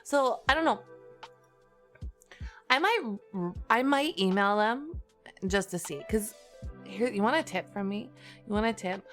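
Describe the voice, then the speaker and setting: A woman streamer chatting casually and giving advice to her viewers, her voice a little rough from just waking up. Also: mid-range voice, expressive, measured pace, long pauses, a bit bright, soft background music. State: slightly rough just-woke-up voice. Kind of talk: casual chat.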